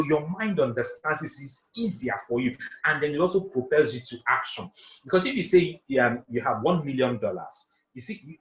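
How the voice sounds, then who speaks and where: A man running an interactive online class, talking fast and emphatically, repeating points and asking for confirmation. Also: medium pitch, a bit bright, reverberant, lo-fi sound. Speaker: online trainer and coach. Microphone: video call.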